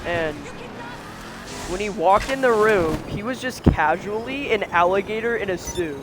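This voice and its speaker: A man's voice: high-pitched, expressive, unhurried, background noise. A man co-hosting a podcast, telling a story in a rambling, casual way, full of fillers and bursts of laughter. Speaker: podcast co-host.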